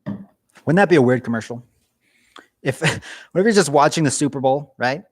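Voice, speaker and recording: A man's voice: medium pitch, lively intonation, normal speed, no room sound. A man chatting on a casual livestream from his cold garage, rambling and joking at his own expense. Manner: rambling, jokey, self-mocking. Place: home garage.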